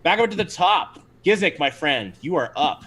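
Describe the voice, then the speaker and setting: A man's voice: a little high, sing-song, moderate pace, fairly bright tone, a little hiss or hum. Chatty man running a tabletop game. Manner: easygoing, chatty, with frequent ums. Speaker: game master. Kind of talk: narrating a tabletop game on a livestream.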